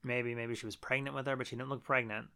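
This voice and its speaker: A man co-hosting a podcast, recapping a film in casual, profane, animated chat. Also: medium pitch, fast talker, creaky, clean tone. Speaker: podcast co-host.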